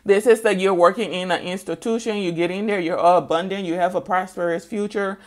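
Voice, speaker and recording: A woman's voice: on the low side, steady tone, brisk. A woman tarot reader speaking straight to her viewers, repeating key phrases for emphasis and checking in with them as she goes. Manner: emphatic, repetitive, keeps checking in with "okay?". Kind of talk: tarot reading monologue to viewers.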